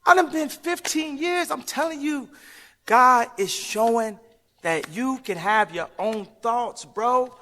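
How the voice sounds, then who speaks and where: A man's voice: extremely high pitch, animated, moderate pace, sharp tone. A man speaking in an interview, preachy and emphatic, rambling between points with laughs. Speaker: interview guest. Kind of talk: impassioned interview talk.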